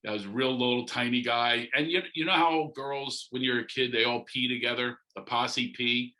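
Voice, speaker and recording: Bright-voiced joking comedian man. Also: medium pitch, moderate pace, low-quality recording. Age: middle-aged. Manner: jokey, animated, leaps into loud comic asides. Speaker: comedian guest. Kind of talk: casual podcast interview.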